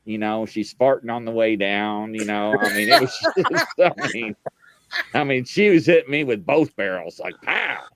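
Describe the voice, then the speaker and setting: A man's voice: fairly low pitch, lively intonation, normal speed, fairly bright tone. A man co-hosting a podcast in casual chat, a rambling storyteller who laughs at himself. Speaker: podcast co-host.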